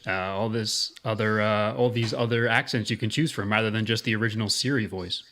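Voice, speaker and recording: A male radio co-host in a studio, adding quick, dry asides to casual chat. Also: on the low side, fairly even intonation, pushed and bright.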